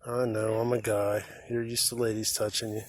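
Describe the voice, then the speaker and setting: A man's voice: on the low side, little pitch movement, moderate pace. A man chatting to cows in a pasture, coaxing and cooing at them in a playful way. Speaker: vlogger. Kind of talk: casual chat to farm animals. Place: outdoor farm pasture with cows. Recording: noisy outdoor farm sound.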